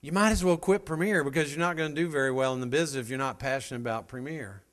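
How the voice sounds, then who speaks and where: Energetic man rallying a sales crowd. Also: fairly high pitch, very fast. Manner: energetic, emphatic, fires rhetorical questions at the crowd. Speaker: motivational speaker at a sales meeting. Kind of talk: motivational speech to a live audience. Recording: long hall reverb.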